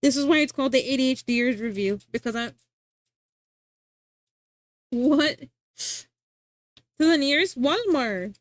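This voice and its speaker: A young woman streams and chats casually in a slightly high voice. She rambles, restarts her sentences and reacts to her chat. The sound is dry and close to the mic. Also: lively intonation, measured pace, long pauses, no room sound.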